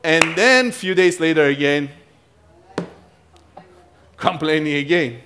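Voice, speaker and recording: A man preaching a sermon as pastor, swinging between loud, raised passages and quiet, low asides, chuckling now and then. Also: animated, takes it slowly, pauses often.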